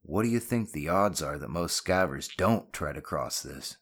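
A man voicing a bold, grinning boy who leads his friends, brash and loud. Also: sits low, expressive, normal speed, exaggerated voice. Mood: confident.

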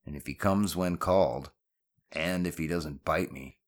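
A man's voice: extremely low pitch, unhurried. A man doing a brusque patrol soldier. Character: gruff adult male soldier on patrol.

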